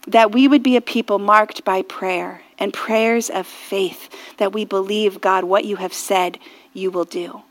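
Slow-speaking woman pastor preaching softly. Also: mid-range voice, steady tone. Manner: earnest and reflective, often dropping to a hushed near-whisper; rises to fervent intensity in prayer. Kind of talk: sermon.

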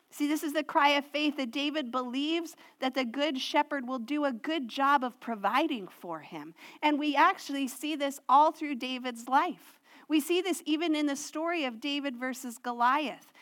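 A woman preaching a sermon, earnest and personal, slowing and softening when she reads scripture aloud. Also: sits high. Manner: slows and softens to read scripture.

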